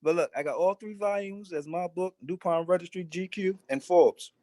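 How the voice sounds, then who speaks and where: A man calls in to an online meeting from his office, his voice sitting fairly high in a dry, close sound. He talks in an excited, eager way. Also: moderate pace, dry recording. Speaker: meeting participant. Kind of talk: casual chat. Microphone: video call.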